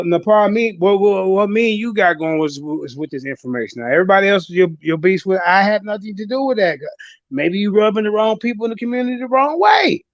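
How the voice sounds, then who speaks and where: A male host talking casually and deliberately to his audience. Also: high voice, dry recording. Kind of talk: casual livestream talk. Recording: dull lo-fi audio.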